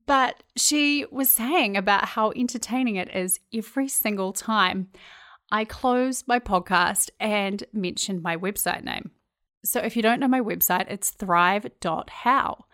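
A woman with a clear New Zealand accent talks straight to her podcast listeners. Her voice sits in an ordinary middle register. She is relaxed and chatty, and she pokes fun at herself. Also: medium pitch, a little slow. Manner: chatty, self-deprecating, laughs at herself. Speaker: podcast host. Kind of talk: casual solo podcast monologue.

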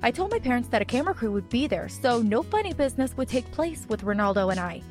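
A woman's voice: on the high side, sing-song, quick pace, a little mellow, faint music behind. Young woman narrating a dramatic story. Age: young adult. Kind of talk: first-person story narration.

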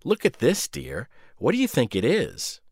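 A man's voice: mid-range voice, wildly swooping pitch, unhurried, darkish tone, breathy edge, no room sound, studio quality, full character voice. A man voicing a nosy, cooing older woman who owns a radio station. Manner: prying, cooing.

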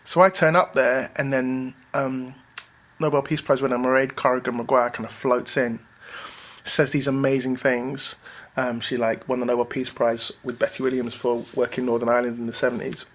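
A man, a rapper and writer, telling stories in a relaxed interview, animated and bouncy, acting out other people's voices. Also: medium pitch, moderate pace. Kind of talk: casual interview storytelling.

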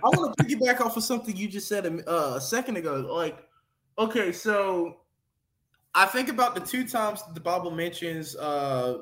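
Male co-host, high-pitched, excitable, laughs and exclaims a lot. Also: moderate pace, echoey room. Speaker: co-host of a faith reaction stream. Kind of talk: casual live-stream chat.

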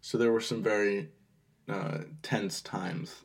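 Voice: sits low, slow pace, vocal fry. A co-host in their twenties from the United States, chatting on a podcast in a rambling, hesitant way with many fillers. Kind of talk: casual chat.

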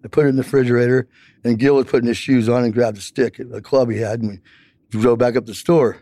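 Man, interviewee, fast talker, dark voice, rambling storyteller with lots of fillers. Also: medium pitch, steady tone, no room sound. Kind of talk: personal account in an interview.

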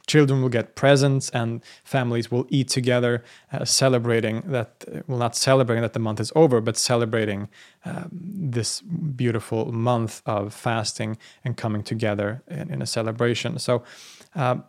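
A man hosting a solo podcast, talking in a gentle, earnest way with some fillers and restarts. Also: mid-range voice, steady tone, moderate pace. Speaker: podcast host. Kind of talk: reflective solo podcast talk.

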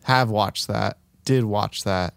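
A man's voice: on the low side, slow, creaky, clear, resonant tone, dry recording. A man in his thirties co-hosting a podcast, chatting casually with a dry, joking manner. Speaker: podcast co-host. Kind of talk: casual chat.

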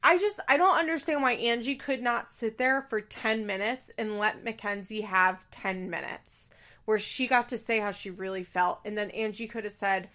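A woman's voice: mid-range voice, normal speed, bright, forceful tone. Young woman, mid-range voice, for a casual opinionated recap: blunt, exasperated, swears freely. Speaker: reality TV recapper.

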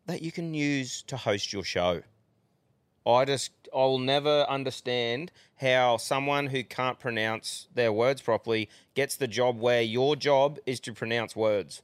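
A man's voice: mid-range voice, normal speed, clean tone, dry recording. A man hosts a casual podcast on a close, dry-sounding mic. He talks bluntly and swears a lot, breaking into rants and laughter. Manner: sweary, ranting, laughs often. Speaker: podcast host.

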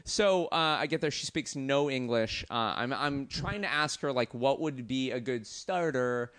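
A man spins a long travel anecdote in an easy, chatty way. His voice sits at an ordinary middle pitch. He stumbles through restarts and fillers and slips into quoted voices as he goes. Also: unhurried, fairly bright tone, smooth, no echo. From Los Angeles. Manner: rambling, many fillers and restarts, acts out quotes. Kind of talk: casual storytelling chat.

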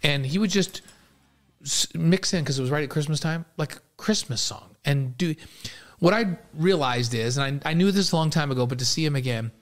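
A man's voice: a little high, a little fast. A man co-hosting a sports talk show in a studio, telling rambling anecdotes in casual banter. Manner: chatty, rambling anecdotes with fillers. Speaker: co-host of a sports radio show. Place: radio studio.

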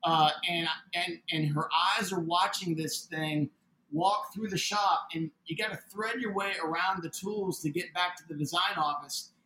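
A man telling a story in a casual interview, animated and acting out the voices of the people in it. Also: high voice, moderate pace, reverberant, a little hiss or hum, rough recording. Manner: animated, acts out quoted dialogue. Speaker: interview guest, building owner.

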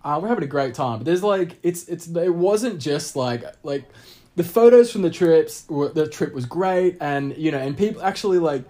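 A man from Australia, telling a travel story in casual chat, animated and rambling with lots of fillers and restarts. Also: fairly high pitch, moderate pace. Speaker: guest storyteller.

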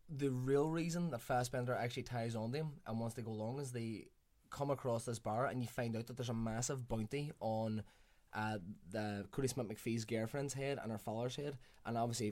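A man's voice: medium pitch, darkish tone. A man chatting casually on a podcast, enthusiastic and swearing now and then. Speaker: podcast co-host reviewing films. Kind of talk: casual chat.

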